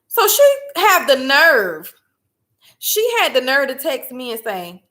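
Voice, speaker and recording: A mother chatting casually as a host, telling a story in an emphatic, animated way. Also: a little high, moderate pace. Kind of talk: casual chat.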